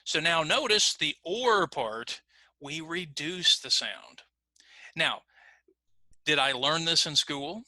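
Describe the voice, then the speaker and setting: Man, middle-aged, ESL teacher, patient explaining, animated pitch, slightly high voice. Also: slow pace, long pauses, no room sound. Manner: patient explaining, lively intonation. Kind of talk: recorded online lesson.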